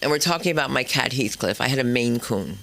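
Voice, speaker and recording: Brash, lively woman doing stand-up. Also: quick pace, creaky. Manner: brash, chatty, swings into loud high bits. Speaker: stand-up comedian and host. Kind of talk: stand-up comedy set. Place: comedy club stage.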